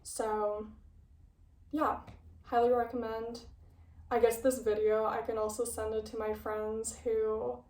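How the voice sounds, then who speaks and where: A young woman talks her way through a casual video essay, with playful asides and a slightly breathless delivery. Her voice sits a little high. She sounds set back from the mic in a room with a noticeable echo. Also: flat delivery, a little slow, a little mellow, distant mic. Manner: chatty, self-interrupting, playful asides. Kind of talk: casual video essay with read-aloud passages. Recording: echoey room, voice a bit off-mic.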